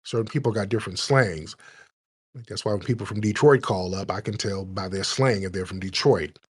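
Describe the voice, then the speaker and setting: A man hosts a call-in show in a husky, slightly rough voice. He talks bluntly and casually, teasing his callers and lecturing at length. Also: on the low side.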